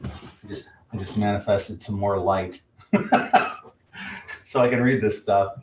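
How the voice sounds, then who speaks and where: A man in his sixties with a lowish voice reads oracle card messages aloud at an unhurried pace, with playful asides between passages. He sits back from the microphone, so the sound is distant and bounces around the room. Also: fairly even intonation, a little mellow, roomy sound, a little hiss or hum. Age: 60s. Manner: slow, deliberate reading broken by chuckles and jokey asides. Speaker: host reading oracle cards.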